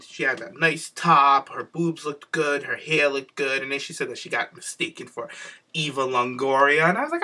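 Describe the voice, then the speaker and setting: A man's voice: animated, moderate pace, bright, forceful tone. A man co-hosting a podcast, chatting casually about wrestling with sassy, profane commentary. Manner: sassy, swearing, acts out quotes with big pitch jumps. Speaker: podcast co-host.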